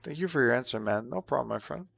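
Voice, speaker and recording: A man with a slightly sore throat, chatting casually with viewers while streaming a game, relaxed and full of fillers. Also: mid-range voice, fast talker, gravelly, slightly rough, no echo. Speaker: streamer answering chat questions. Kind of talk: casual live-stream chat while gaming.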